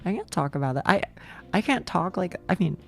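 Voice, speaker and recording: A woman's voice: fairly low pitch, animated, fairly quick, gravelly, faint music behind. A young woman streaming, chatting casually with viewers, rambling and swearing with frequent laughs.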